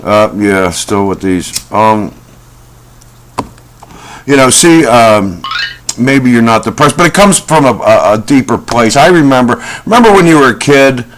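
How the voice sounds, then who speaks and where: A man's voice: medium pitch, lively intonation, a little slow, a little hiss or hum. A middle-aged man talking casually to the camera in a rambling, folksy way, with many fillers and asides. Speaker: self-help video host.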